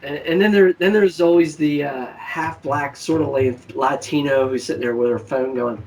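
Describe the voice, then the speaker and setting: A man hosting a casual political chat, telling stories in a lively way and acting out the people he quotes. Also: fairly high pitch, normal speed, hardly any pauses, distant mic, a little hiss or hum, low-quality recording. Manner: animated storytelling, acts out quoted people. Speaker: show host.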